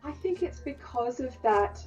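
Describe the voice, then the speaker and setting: A woman's voice: high voice, lively intonation, measured pace, a little mellow, far from the mic, dull audio, faint music behind. A woman, a dialect coach, answering interview questions thoughtfully with light hedges. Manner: thoughtful, hedging, laughs lightly.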